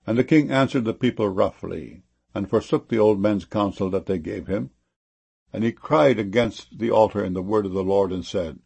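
A man giving a solemn, measured reading of King James scripture. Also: fairly low pitch, gravelly, a little mellow, husky.

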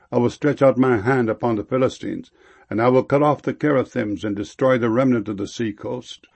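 A man giving a solemn scripture reading in a slow, measured way. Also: mid-range voice, vocal fry, a little mellow, breathy edge. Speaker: scripture reader.

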